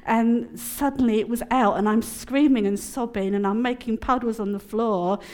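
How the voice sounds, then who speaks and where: A woman's voice: a little high, normal speed. Chatty woman sharing testimony. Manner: chatty and expressive, laughs often. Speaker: conference speaker. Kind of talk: personal testimony and teaching.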